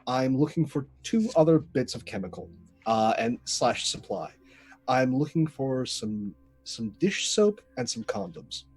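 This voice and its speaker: Husky-voiced man playing a tabletop game. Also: mid-range voice, big pitch swings, measured pace, a little mellow, faint music behind. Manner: enthusiastic, describes his character's actions in third person. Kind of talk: playing a tabletop spy game over a video call.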